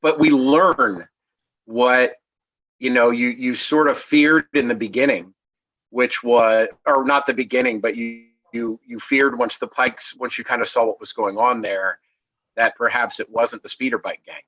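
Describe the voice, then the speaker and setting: A man's voice: mid-range voice, fairly even intonation, unhurried, fairly bright tone, no room sound. A middle-aged man in a casual review chat, rambling and restarting his sentences as he reaches for the point. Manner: rambling, many fillers and restarts. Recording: dull dry lo-fi remote mic.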